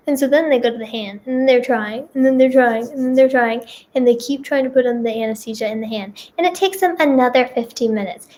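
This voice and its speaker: A woman's voice: a little high, fairly quick, few pauses, darkish tone. A young woman vlogger telling a personal story in a rambling, casual way, repeating herself and saying "like" often.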